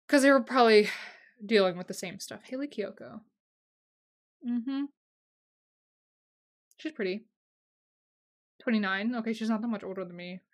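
Gushing young woman podcast host. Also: medium pitch. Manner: gushing, emotional, swings between loud excitement and quiet asides. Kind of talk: casual solo podcast chat.

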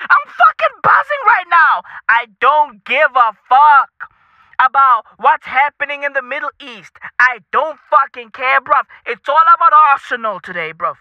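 A man's voice: extremely high pitch, sharp tone, no echo, highs cut off, exaggerated voice. A man voicing a brash young male football fan who swears constantly and is euphoric. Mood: ranting. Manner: profane, hyped, repetitive slang. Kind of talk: comedic character bit.

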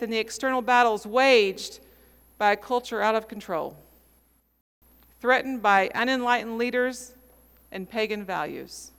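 Woman in her forties, sermon, high smooth voice, long hall echo. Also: a bit bright. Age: 40s. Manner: storytelling, measured with dramatic pauses. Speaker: preacher.

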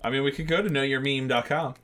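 A man's voice: medium pitch, steady tone, quick pace, fairly bright tone, a little hiss or hum. A man co-hosting a podcast, playfully teasing his co-host in casual chat.

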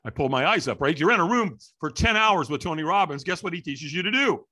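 A middle-aged man, a guest in an interview, telling a story with energy and acting out the voices and shouts of the people in it. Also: fairly high pitch, brisk. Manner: lively, acts out quoted voices and shouts. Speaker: interview guest, firewalk instructor.

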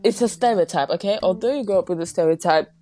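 A woman's voice: fairly low pitch, fast talker. A young woman hosting a casual podcast from home, rambling, giggling and tripping over her words, with no microphone nearby. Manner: giggly, self-deprecating, stumbling over words. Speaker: podcast host. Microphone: no microphone nearby, phone or device. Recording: unedited home recording with faint music. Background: pop music playing softly.

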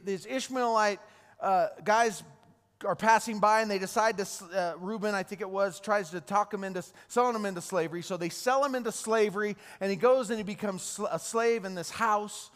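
A man's voice: sits high, moderate pace. A man preaching a sermon, retelling Bible stories with restarts and repeated words. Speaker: pastor. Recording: long hall reverb.

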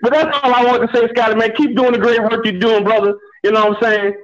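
A male caller on a radio show, laid-back and reassuring, repeating himself to calm listeners. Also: extremely high pitch, quick pace, muffled recording, crowd noise. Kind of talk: call-in radio chat.

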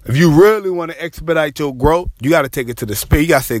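A man preaching with fervent, repetitive intensity, his voice sitting a little high for a man. He stretches phrases and lets some lines rise into a half-sung cry. The sound is close and dry, with no room around it. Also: no room sound. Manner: impassioned, repetitive, dramatic pauses, half-sung cries. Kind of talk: sermon.

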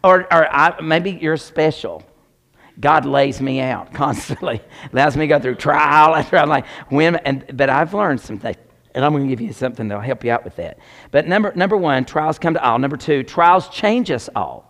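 A man preaching a sermon, animated and joking as he talks straight to the congregation. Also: a little high, moderate pace.

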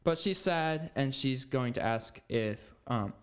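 Man, middle pitch, agreeable, relaxed podcast chat, lots of fillers. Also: slow pace, clean tone. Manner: agreeable, loose, many "like" fillers. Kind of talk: casual chat.

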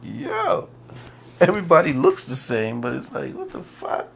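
A man's voice: mid-range voice, wildly swooping pitch, gravelly. A man hosting a casual solo podcast, ranting in disbelief, profane and rambling, with lots of repeats and fillers. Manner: drawn-out disbelieving emphasis. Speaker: podcast host.

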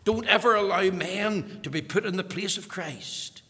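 A man's voice: high voice, sing-song, moderate pace, hardly any pauses. Emphatic preacher man in a reverberant hall. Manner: emphatic, repeating phrases, rising to loud peaks. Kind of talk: sermon.

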